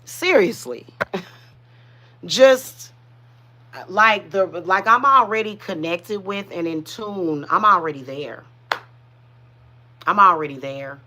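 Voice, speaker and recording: A woman talks straight to her viewers in a loose, emotional livestream ramble, often restarting her sentences. Her voice is bright and forceful. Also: on the low side, lively intonation, slow, long pauses. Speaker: spiritual reader and channel host. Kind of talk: casual livestream chat to viewers.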